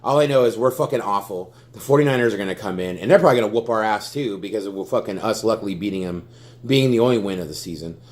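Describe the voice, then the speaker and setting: A young man in a sports fan vlog blasts his team in an angry rant, swearing all the way through and stammering into repetition when he gets heated. His voice is on the low side and he talks quickly.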